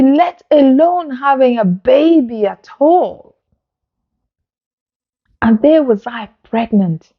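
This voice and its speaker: A woman's voice: on the high side, phone-quality sound. Earnest woman telling her story. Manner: earnest, emotional retelling with acted-out dialogue. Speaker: vlogger. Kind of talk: personal storytelling to camera. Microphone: phone.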